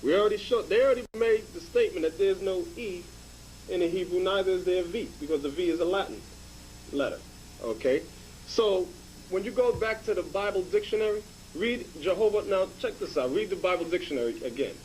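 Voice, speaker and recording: A man's voice: high-pitched, fairly quick, darkish tone, slight background noise, low-quality recording. A man teaching in a lecture style, emphatic and checking in with the class by asking "okay?".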